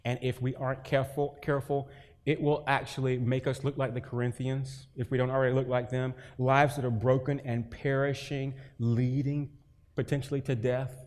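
A man's voice: mid-range voice, little pitch movement, normal speed, a little mellow, in a large hall. Man preaching a conversational sermon. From North Carolina, US. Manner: conversational preaching with rising emphasis and folksy stories. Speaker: pastor.

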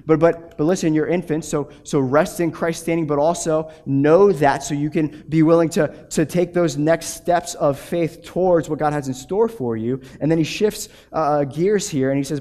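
A man in his thirties preaches a sermon, his voice sitting a little higher than most men's. He is animated and restless, doubling words as he pushes a point and slipping into short acted-out quotes. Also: moderate pace, hardly any pauses. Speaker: pastor.

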